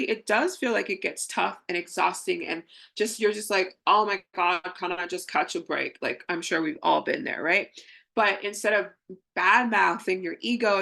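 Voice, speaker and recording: A young adult woman working as a spiritual coach gives a casual teaching talk, acting out inner voices and laughing frequently. Her mid-range voice is creaky and a bit bright.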